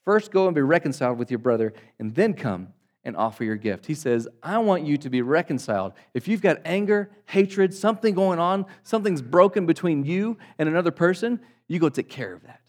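A male pastor preaching a sermon to his congregation, swinging between loud emphatic bursts and quiet, low asides. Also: expressive, fairly quick. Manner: dynamic preaching, rising loud for emphasis and dropping soft; addresses congregation as guys.

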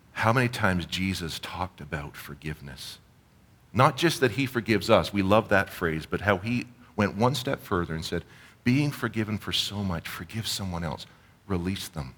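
Middle-aged Canadian pastor, lowish voice, earnest conversational sermon. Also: male voice, a bit bright. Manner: earnest, conversational preaching with storytelling asides.

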